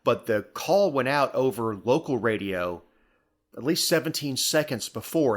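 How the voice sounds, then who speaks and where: A man's voice: mid-range voice, lively intonation, normal speed. A man co-hosting a podcast, talking casually about the news with dry, wry asides and repeated words. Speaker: podcast co-host.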